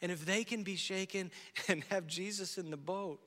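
A male pastor preaching a sermon, moving between loud urgent emphasis and soft, hushed encouragement. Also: high-pitched, fairly even intonation, moderate pace, long reverb tail.

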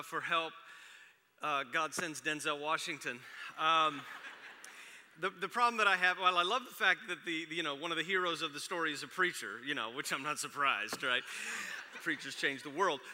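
Bright-voiced guy in his 40s preaching, joking around, big echoey hall sound. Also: on the high side. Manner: chatty storytelling with self-deprecating jokes. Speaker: pastor. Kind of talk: sermon. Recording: long reverb of a large hall.

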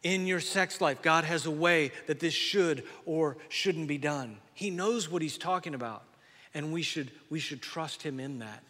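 Middle-aged pastor preaching, bright ringing voice a bit high for a guy, builds to loud emphatic bits, big hall echo. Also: measured pace. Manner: earnest, rises to loud emphatic peaks. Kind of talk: sermon. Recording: long reverb of a large hall.

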